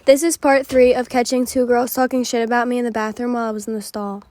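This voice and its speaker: A woman's voice: fairly high pitch, little pitch movement, fast talker, a little mellow. Chatty young woman telling a story. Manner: chatty, frank, swearing, filler-heavy. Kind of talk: casual storytime.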